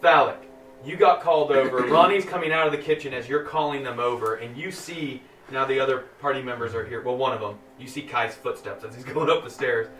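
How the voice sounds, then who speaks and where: A man's voice: medium pitch, a little fast, fairly bright tone, soft background music. A man running a tabletop game as game master, narrating scenes and laughing often. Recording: roomy, distant mic with background noise.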